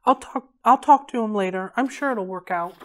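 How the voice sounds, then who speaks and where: A woman reading aloud, voicing a gentle, worried mother who speaks in a hesitant, pleading way. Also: mid-range voice, moderate pace, close to an everyday voice. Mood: anxious.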